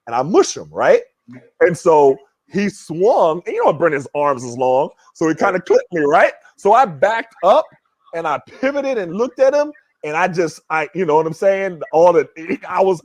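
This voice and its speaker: A man tells a story in relaxed chat, his voice sitting high and leaping up and down as he gets into it. He slips into other people's voices to act out what they said and keeps checking in with "right?". The sound is dry and close, with no room around it. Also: moderate pace, no echo. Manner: animated, acts out other people's words; many fillers like "you know" and "right?". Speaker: podcast guest, former pro basketball player. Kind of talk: casual storytelling.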